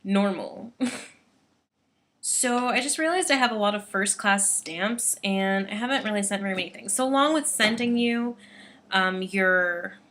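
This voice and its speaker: A young woman of nineteen chats through a casual video diary, jumping from topic to topic with plenty of "like" and "um". Her voice is bright and clear, picked up by a simple computer webcam mic. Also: mid-range voice, a little slow. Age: late teens. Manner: rambly, frazzled, full of "like" and "um". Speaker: vlogger. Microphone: built-in computer webcam mic.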